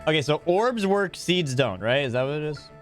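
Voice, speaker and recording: Man, game streamer, casual reactions, lively pitch. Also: normal speed, soft background music. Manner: reacting casually, reading dialogue aloud. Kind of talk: live gameplay commentary.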